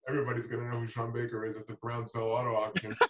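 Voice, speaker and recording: A man's voice: mid-range voice, fast talker, recorded from a distance. A man hosting a casual livestream, telling a story and laughing through it. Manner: laughs through his stories, animated retelling. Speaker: show host. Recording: roomy, from away from the mic.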